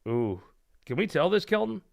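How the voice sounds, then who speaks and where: A man's voice: high-pitched, big pitch swings, moderate pace, gravelly. A man hosting a political talk show, telling jokes and chatting in a rambling, irreverent way. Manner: irreverent, rambling, laughs at his own jokes. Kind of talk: casual joke-telling chat.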